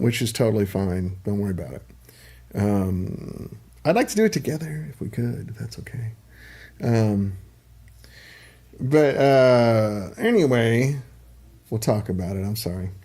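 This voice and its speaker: A man's voice: medium pitch, warm tone. A middle-aged man hosting a casual livestream, chatting in a rambling way with lots of ums and asides. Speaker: livestream host.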